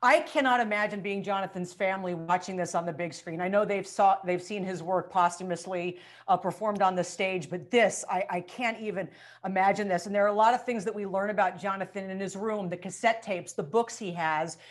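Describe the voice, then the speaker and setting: A woman's voice: mid-range voice, brisk, hardly any pauses. A woman host interviewing film cast members, gushing with effusive praise between her questions. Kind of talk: press junket interview.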